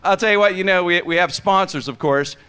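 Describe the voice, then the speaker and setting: A man hosting a comedy show, talking in an excitable, rambling way with lots of restarts. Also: high voice, brisk, crowd noise. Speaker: host. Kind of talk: comedy radio show banter.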